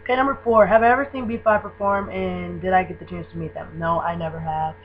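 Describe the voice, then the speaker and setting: A woman's voice: fairly low pitch, quick pace. Gushing young woman on lo-fi webcam audio. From Michigan. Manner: gushing, excitable, filler-heavy fan talk. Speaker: vlogger. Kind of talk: casual fan tag video. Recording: dull lo-fi webcam audio with faint hum.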